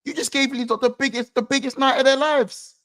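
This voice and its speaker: A man's voice: very high voice, fairly even intonation, a little fast, a bit bright. A man, bluntly venting about a football loss over a call in casual slang. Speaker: football channel co-host.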